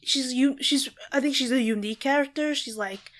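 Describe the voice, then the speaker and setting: A young woman co-hosting a podcast, chatting casually, animated and quick to laugh and swear. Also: high-pitched. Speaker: podcast co-host. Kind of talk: casual chat.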